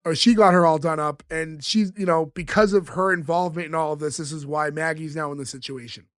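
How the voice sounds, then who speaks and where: A man's voice: a little high, steady tone, fairly bright tone, no echo, studio quality. A man co-hosting a podcast, casually recapping an episode's scenes and quoting the characters. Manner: retells scenes, quoting characters in quick bits. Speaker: podcast co-host.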